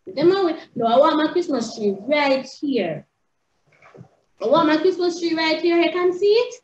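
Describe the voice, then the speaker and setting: A woman teaching young children in a sing-song, excitable way, recorded indoors. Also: high voice, moderate pace, a little hiss or hum. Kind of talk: animated lesson for young children. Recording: roomy, slightly dull home video.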